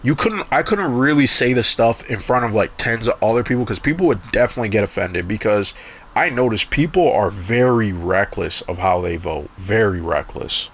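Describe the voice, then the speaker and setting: A man's voice: lowish voice, animated, a little fast, a little hiss or hum. A young man chatting casually while gaming, telling rambling, profane stories full of restarts and asides. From Canada. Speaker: gaming streamer.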